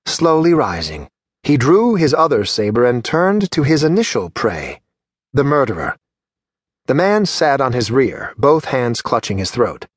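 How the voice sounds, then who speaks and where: A man reads a fantasy novel aloud in a measured, steady way, his voice sitting in an ordinary middle pitch. The recording is dry and close, with no room sound. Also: husky, no echo. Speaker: audiobook narrator. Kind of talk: scripted narration.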